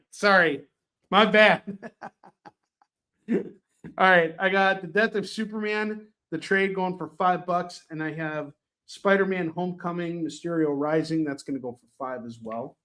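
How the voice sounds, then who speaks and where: A man fronts a live shopping stream, casually calling out viewers by name and selling goods while poking fun at himself. His tone is fairly bright.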